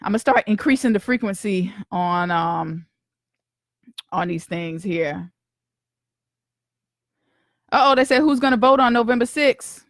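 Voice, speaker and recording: A woman's voice: medium pitch, animated, measured pace, long pauses, no room sound, clean studio sound. A woman podcast host in casual live-stream chat, slangy and talkative, greeting viewers by name.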